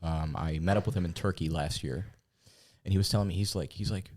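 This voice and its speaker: A man's voice: deep voice, brisk, a little mellow. A man who hosts a podcast, chatting casually and telling laid-back stories, acting out the voices of people he quotes. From Palestinian. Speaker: podcast host. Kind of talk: casual chat.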